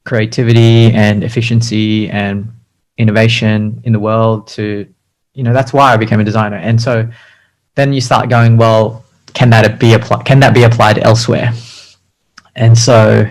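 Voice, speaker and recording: A man's voice: on the low side, rough recording. Man, interview guest; casual, filler-heavy, self-deprecating storyteller. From Australia.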